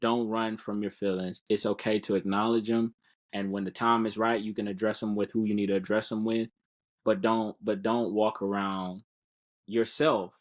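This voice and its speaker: A man's voice: on the low side, flat delivery, normal speed. A man speaking as a guest in a casual podcast interview, earnest and encouraging, often repeating words while he finds them.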